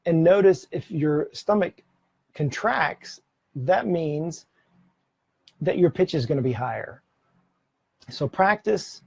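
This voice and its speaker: Expressive and slow, with vocal fry, long pauses, and a slightly mellow voice on the high side with a breathy edge, a middle-aged man speaks to a camera mic with no echo. He offers practical presentation tips in a casual, conversational way, self-correcting mid-sentence and laughing at times.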